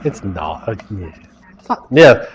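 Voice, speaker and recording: A man teaching university sociology holds a class quiz in a lecture classroom, reading the questions aloud and teasing his students with joking asides. His lowish voice is sing-song, with a breathy edge and a measured pace.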